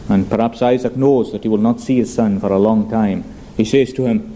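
A man preaching a sermon in an earnest, measured way, addressing the congregation as his friends. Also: mid-range voice, dark tone, rough recording. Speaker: pastor.

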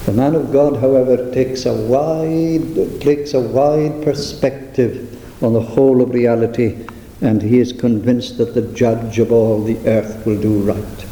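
A man preaching a sermon in a measured, deliberate way, slowing down to stress key phrases. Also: medium pitch, steady tone, mellow, slight background noise. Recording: echoey hall.

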